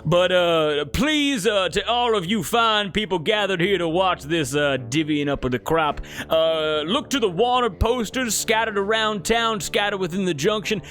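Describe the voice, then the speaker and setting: A man putting on a high folksy showman announcer. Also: moderate pace, few pauses, fairly bright tone, soft background music. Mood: showy.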